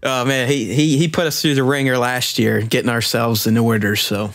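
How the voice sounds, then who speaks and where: A man's voice: medium pitch, steady tone, moderate pace, fairly bright tone. Casual man hosting a gaming podcast. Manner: loose and profane, playfully puts on a radio voice for the intro. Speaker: podcast host. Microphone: headphones and mic at home.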